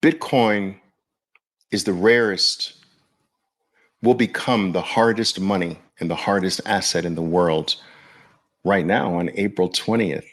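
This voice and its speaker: A man's voice: low voice, a little slow, pauses often. A man hosting a podcast in casual livestream talk, chatting loosely and speaking straight to his viewers. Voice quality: gravelly. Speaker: podcast host.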